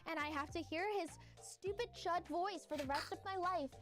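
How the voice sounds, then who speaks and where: A woman's voice: very high voice, normal speed. A woman streamer chatting casually, joking crudely and giggling. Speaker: VTuber in played clips. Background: music.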